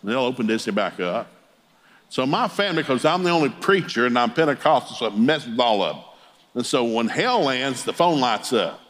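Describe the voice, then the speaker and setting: A man's voice: mid-range voice, sing-song, moderate pace, fairly bright tone. Folksy, chuckling middle-aged preacher man. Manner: humorous, chuckles while telling stories. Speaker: Pentecostal preacher. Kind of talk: folksy storytelling sermon.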